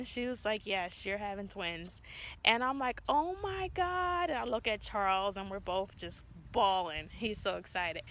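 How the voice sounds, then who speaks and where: The audio is poor, with a slight hiss or hum, carrying a woman's medium-pitched voice. She's a vlogger and mother of twins, animatedly recounting a personal story to her viewers in a casual way and acting out the quotes.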